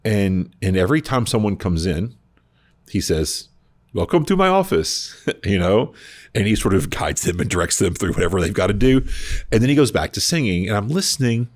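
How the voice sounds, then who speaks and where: A man co-hosting a faith podcast, telling travel stories in an animated, rambling way. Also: lowish voice, a little fast, no room sound, clean studio sound. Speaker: podcast co-host. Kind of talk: casual storytelling chat.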